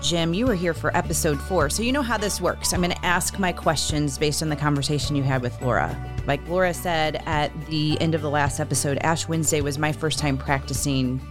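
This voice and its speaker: A woman hosting a faith podcast, telling stories in a lively, animated way and acting out what others said. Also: sits low, a little fast, few pauses, music in the background. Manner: animated storyteller, acts out quoted voices. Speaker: podcast host. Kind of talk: casual conversation.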